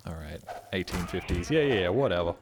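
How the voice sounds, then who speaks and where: A man streaming a game live, muttering sarcastic commentary and breaking into excited outbursts. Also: deep voice, brisk, noisy background.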